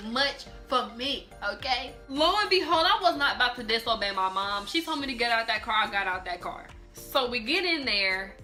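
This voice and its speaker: A young woman telling a personal story in a casual vlog, animated and emphatic, often repeating and restarting her words. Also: on the high side. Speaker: vlogger.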